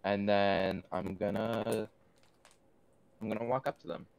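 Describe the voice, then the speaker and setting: A man playing a tabletop game who talks casually and excitably, with plenty of swearing. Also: fairly low pitch, a little slow, vocal fry, clear, resonant tone. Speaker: player.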